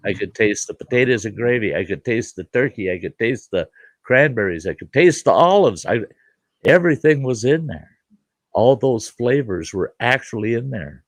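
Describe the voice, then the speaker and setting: Medium-pitched and animated at a moderate pace, a show host tells folksy stories in a casual chat, laughing and acting out the voices he quotes. There is no echo.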